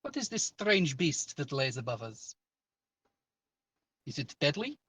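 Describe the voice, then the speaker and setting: A man's voice: a little high, very animated, unhurried, fairly bright tone, husky, no echo, full character voice. A man playing a formal, wondering adventurer woman. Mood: wary wonder.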